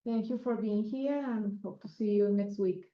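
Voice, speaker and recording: A woman hosting a lecture who asks the speaker a question and thanks the audience politely and softly. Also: medium pitch, moderate pace. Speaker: event host and audience questioner. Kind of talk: polite questions and closing remarks. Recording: distant, muffled room recording.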